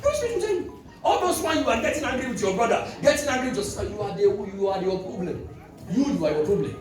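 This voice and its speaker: A man, preaching a sermon with call-and-response and sudden shouts. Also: high-pitched, fast talker. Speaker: pastor. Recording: echoey hall, distant mic, music behind.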